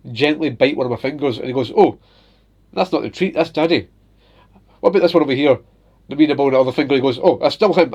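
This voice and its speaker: Chatty man telling stories. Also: mid-range voice. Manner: animated, laughs often, puts on little voices for his pet. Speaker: vlogger. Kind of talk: casual storytelling.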